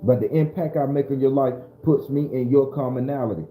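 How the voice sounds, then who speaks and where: Very dark-voiced man preaching to his chat. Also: mid-range voice, fairly quick, reverberant, faint music behind. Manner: loose, preachy, talks straight to chat viewers. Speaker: spiritual livestream host. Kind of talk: casual live-streamed spiritual talk.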